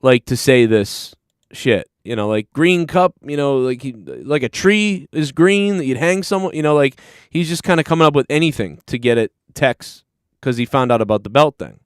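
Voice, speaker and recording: A man's voice: mid-range voice, lively intonation, moderate pace, hardly any pauses, clean tone, dry recording, studio quality. A man hosting a live stream, recapping a clip in a rambling, profane, casual way. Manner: rambling, profane, talks over replayed clips. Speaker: stream host.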